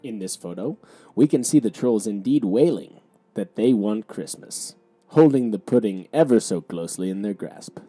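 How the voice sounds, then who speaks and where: A man co-hosting a podcast, describing a storybook's pictures one by one in a deadpan, matter-of-fact way. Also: fairly low pitch, moderate pace, slightly rough. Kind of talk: picture-by-picture commentary.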